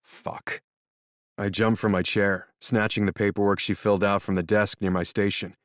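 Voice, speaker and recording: Deep, dry-voiced male narrator, calm and measured audiobook reading. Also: no room sound. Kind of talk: first-person scripted narration.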